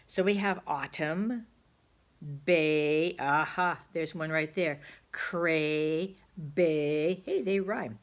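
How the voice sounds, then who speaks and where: A woman's voice: fairly low pitch, slow pace. A woman teaching a phonics lesson to young children, patiently sounding out words aloud.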